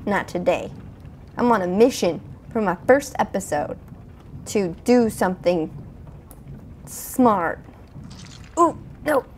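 A woman playing a spooky video game, chatting to her viewers in a jumpy, excitable way. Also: on the high side, slow pace, long pauses, a little hiss or hum. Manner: jumpy, chatty, talks to viewers, frequent gasps and exclamations. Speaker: gaming video host. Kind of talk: let's play commentary.

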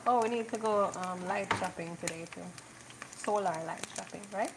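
A woman's voice: medium pitch, normal speed, background noise. A woman co-hosting a live cooking show in a home kitchen, playful and teasing. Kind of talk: casual live cooking chat. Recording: loud frying sizzle behind.

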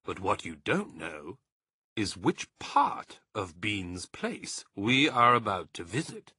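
A man's voice: lowish voice, slow pace, breathy edge, no room sound, studio quality, exaggerated voice. A man playing a bold, cunning fox. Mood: confident. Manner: lively, emphatic, theatrical. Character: bold, cunning father fox, confident leader.

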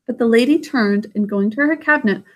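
A woman reading a children's book aloud, pausing to explain the story in plain words. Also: a little high. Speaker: story reader.

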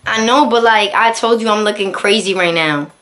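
A woman's voice: mid-range voice, moderate pace, music in the background, voice pushed down, lightly acted. A woman voicing a sassy young New York woman on a video call, talking with defensive attitude.

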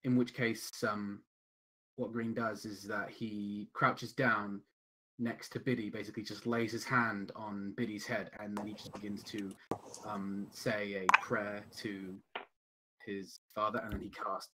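A man in a tabletop game session describes his character's moves step by step. His talk is careful and deliberate, full of hesitations. A faint hiss of noise sits under his mic. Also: fairly low pitch, little pitch movement. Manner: lots of fillers, careful and deliberate. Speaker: player.

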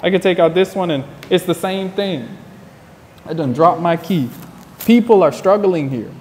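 Guy from the states going off, preachy and insistent, voice sits a bit high, lots of reverb. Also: normal speed, darkish tone. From United States. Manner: preachy, insistent, repeats his points. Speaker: interview guest. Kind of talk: passionate monologue.

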